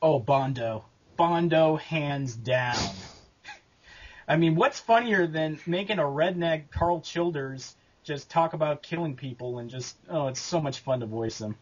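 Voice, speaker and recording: A man answering interview questions about making his abridged series, talking casually and haltingly with lots of fillers and restarts. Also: a little high, highs cut off. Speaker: abridged series creator and voice actor.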